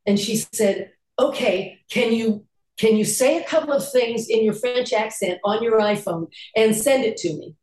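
A woman's voice: a little high, moderate pace, darkish tone, echoey room, a little hiss or hum, rough recording. An older woman, an actress and voice actor, telling stories in a casual interview and laughing often as she talks.

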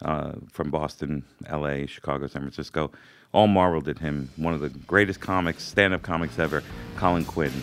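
An older man from Brooklyn with a faded Brooklyn accent, hosting a casual interview and rambling with many pauses. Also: extremely low pitch, steady tone, fairly bright tone. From Brooklyn, New York. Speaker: podcast host.

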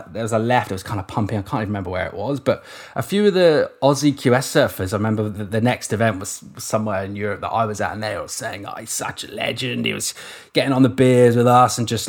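Rambling Englishman in casual chat. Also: mid-range voice. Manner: rambling, swears casually, many restarts. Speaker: surf commentator guest.

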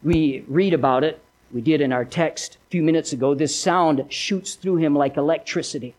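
Man preaching a dramatic sermon. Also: moderate pace. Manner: dramatic storytelling, swinging from loud emphasis to hushed low lines. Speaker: pastor.

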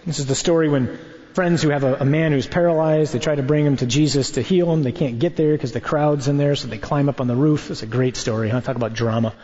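A priest teaching in a conversational sermon, animated and wry, tossing out rhetorical questions. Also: male voice, mid-range voice, fast. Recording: dull recording in a reverberant hall.

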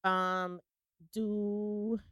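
A woman co-hosting a podcast in relaxed, upbeat casual chat, with plenty of "um" fillers. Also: mid-range voice, extremely slow, clear, resonant tone, no room sound, studio quality. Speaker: podcast co-host.

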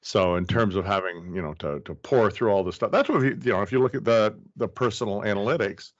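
A man's voice: lowish voice, fairly quick, highs cut off. A man who is a guest on an interview podcast, explaining ideas casually and often restarting his sentences. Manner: explanatory, circles back with restarts.

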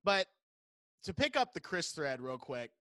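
Male podcast host, bright and a touch high, dry close sound, laughs a lot, swears casually. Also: sing-song, measured pace, no room sound. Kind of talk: casual chat.

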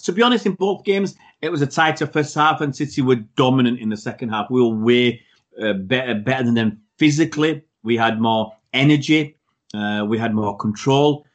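A man's voice: medium pitch, normal speed. A man co-hosting a podcast, talking about football in an emphatic, opinionated way. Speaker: podcast co-host. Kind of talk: casual football chat.

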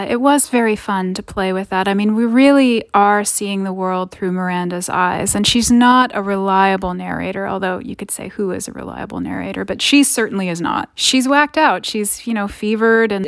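A woman author talking through her work in an interview. She sounds reflective and thoughtful, and she becomes animated when she gets to the points she enjoys. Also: mid-range voice, dry recording, clean studio sound. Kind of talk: interview conversation.

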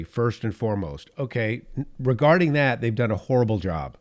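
A man's voice: mid-range voice, lively intonation, normal speed. A middle-aged man hosting a political commentary podcast, talking with sarcasm, getting fired up and then pulling himself back down. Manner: sarcastic, heats up then reins himself in, chuckles at his own points. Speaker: podcast host.

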